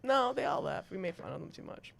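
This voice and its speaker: A woman's voice: medium pitch, big pitch swings, brisk, creaky, no room sound. A woman from the American Midwest, a comedian guest on a late-night chat, riffing in silly put-on accents.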